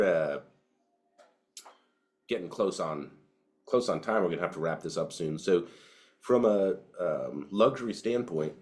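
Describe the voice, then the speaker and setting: A man's voice: low voice, darkish tone. A man co-hosting a podcast, chatting casually and profanely over cigars and whiskey, with plenty of fillers. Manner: laid-back and profane, with frequent fillers. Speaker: podcast co-host. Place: indoors, home podcast setup.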